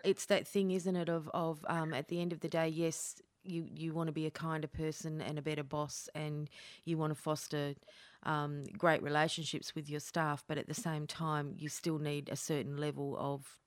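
A woman with a very low voice hosts the interview and reflects back what her guest has said. Her follow-up questions come across thoughtful and conversational. The sound is dry and close, with no room echo. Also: level tone, moderate pace. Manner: reflective, sums up the guest's points.

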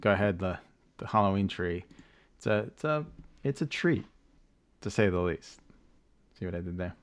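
A male podcast host with a somewhat low voice rambles through a casual recap. He stops and restarts a lot, fills gaps with ums, and slips in wry jokes. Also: animated, moderate pace. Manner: joking asides with laughs. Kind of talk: casual chat.

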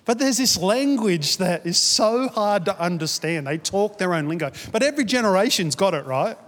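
A man delivers a sermon in a reverberant church hall. His voice sits fairly high, and his tone is easy and conversational as he tells stories. He then lifts into emphatic, repeated declarations. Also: expressive, normal speed, a bit bright. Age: 40s. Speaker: pastor. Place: church auditorium.

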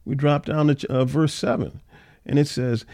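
A man leading an informal Bible study, reading scripture aloud and then explaining it conversationally, with frequent fillers and animated, mocking paraphrases of the people in the text. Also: on the high side, normal speed. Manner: animated, acts out the scoffers' voices in a mocking tone. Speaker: Bible teacher.

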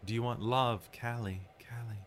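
A man voicing a cold, ethereal female ice goddess spirit in a soft whispered role-play, repeating words as if they echo. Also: medium pitch, steady tone, normal speed, a little hiss or hum, natural voice. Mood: coaxing, tempting.

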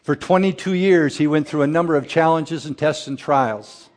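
A man's voice: a little high, moderate pace. A middle-aged man preaching a sermon as pastor, folksy and storytelling in manner. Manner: folksy storyteller, acts out characters in a joke. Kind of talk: sermon with a told joke.

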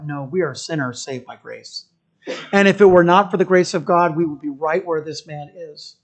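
A pastor preaching a sermon. The pastor tells the story in an animated way, often checking in with listeners and restarting phrases while thinking aloud. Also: mid-range voice, moderate pace. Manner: animated storytelling, keeps asking listeners "right?".

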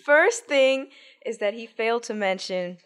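A woman's voice: on the high side, animated, unhurried, clean tone. A young woman appearing as a podcast guest, telling her side of a story with good-humored laughter. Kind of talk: casual podcast interview.

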